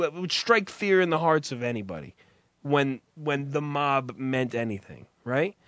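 A man's voice: on the high side, a bit bright, dry recording. A man telling a rambling, profane story in casual chat with a co-host, full of restarts. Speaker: podcast co-host.

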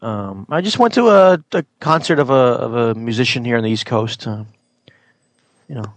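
A man's voice: medium pitch, animated, normal speed, no room sound. A man in casual chat, asking wry, teasing questions.

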